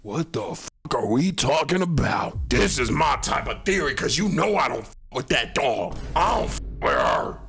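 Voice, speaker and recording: A man's voice: mid-range voice, animated, normal speed, creaky, hardly any pauses, a bit bright. Blunt, profane young man reacting. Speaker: streamer reacting to a video. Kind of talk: casual reaction commentary.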